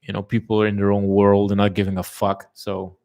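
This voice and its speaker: Casual chat host, male, lowish pitch, loose and rambling, drops curse words. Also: a little fast. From lives in a tourism-based place, has lived abroad. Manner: relaxed, rambling, swears often, many fillers. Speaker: channel host chatting with viewers.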